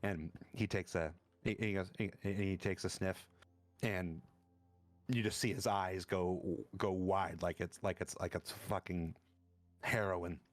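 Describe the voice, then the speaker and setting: Casting: laid-back male game master, low voice, dry close mic. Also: fairly even intonation, dry recording, faint music behind. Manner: halting, many fillers and restarts. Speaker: dungeon master. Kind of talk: narrating a tabletop game.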